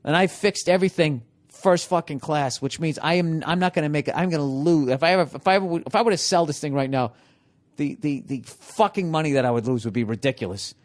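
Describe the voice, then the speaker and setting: A man hosting a podcast, ranting comically about his house with constant swearing and rhetorical questions, swinging between loud outbursts and low muttering. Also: a little fast. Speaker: podcast host. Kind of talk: profane comedic rant.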